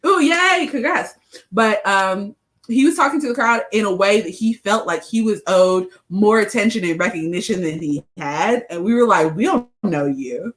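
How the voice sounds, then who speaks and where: A woman's voice: medium pitch, normal speed, a bit bright, poor audio. Chatty woman telling a story. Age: 30s. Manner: chatty storyteller, acts out quoted dialogue. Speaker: podcast co-host. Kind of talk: casual chat.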